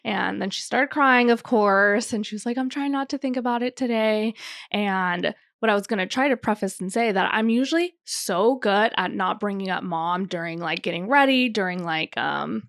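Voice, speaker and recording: A young woman co-hosting a podcast, telling stories in a chatty way, full of "like" and quick laughs. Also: medium pitch, vocal fry, a bit bright, no room sound, studio quality. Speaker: podcast co-host, wedding photographer. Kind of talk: casual chat.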